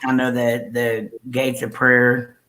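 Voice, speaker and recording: A man's voice: medium pitch, completely flat delivery, slow, bright, forceful tone, poor audio. A man co-hosting a casual interview, chiming in with friendly questions and remarks.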